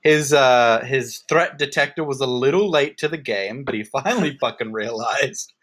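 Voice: medium pitch, normal speed, fairly bright tone. A podcast co-host chatting casually and expressively, laughing often and swearing freely. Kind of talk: casual chat.

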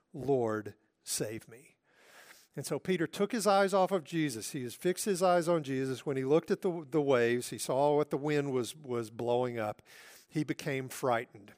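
A male pastor preaching a sermon in an earnest way, now and then dropping to a soft hush for emphasis. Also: mid-range voice.

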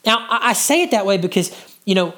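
A male preacher giving an expository sermon, teaching verse by verse, asking the congregation questions and dropping to a hush to draw them in. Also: high-pitched, very animated, fast talker. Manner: drops to a hushed voice to draw listeners in.

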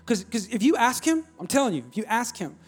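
A man preaching a sermon, animated, swinging from loud calls to soft near-whispers and prompting the congregation. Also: very high-pitched, a little fast, slightly rough, faint music behind. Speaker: pastor.

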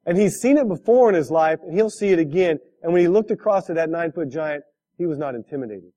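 A man's voice: a little high, expressive, fast talker, dark tone. A man preaching a sermon, telling a story with laughs and asking the listeners direct questions. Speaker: pastor.

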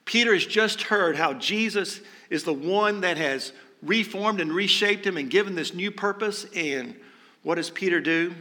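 A man's voice: sits high, measured pace, pushed and bright. A male pastor preaching a sermon in a conversational way, asking rhetorical questions and dropping light jokes.

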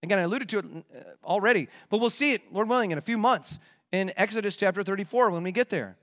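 A man's voice: high-pitched, fast talker, fairly bright tone. A man preaching an expository sermon as a pastor, emphatic and full of rhetorical questions.

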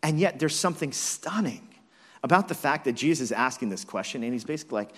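A man preaching a conversational sermon as a pastor, telling it with animated, self-deprecating asides. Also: mid-range voice, fast. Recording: long reverb of a large hall.

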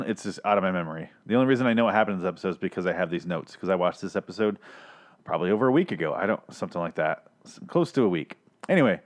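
A man with a fairly low voice hosts a loose, rambling TV review podcast. He is sarcastic and freely profane. He keeps breaking off and restarting his sentences. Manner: profane, sarcastic, self-interrupting. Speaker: podcast host reviewing TV episodes.

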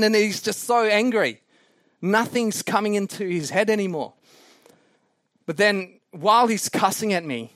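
High-voiced man telling a sermon story. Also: measured pace, no echo, studio quality. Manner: animated, self-mocking anecdotes with laughs. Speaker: preacher.

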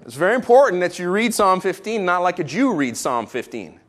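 Animated preaching man, higher voice. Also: a little fast. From Israel. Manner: animated, jokey preaching with sudden quiet drops. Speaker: pastor. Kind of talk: sermon.

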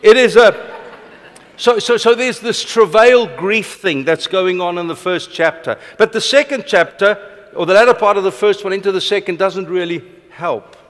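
A middle-aged man preaching a passionate sermon, rushing ahead and then slowing for emphasis. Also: high voice, a bit bright. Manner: passionate, fast-paced with sudden slow emphatic drops. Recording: long reverb of a large hall.

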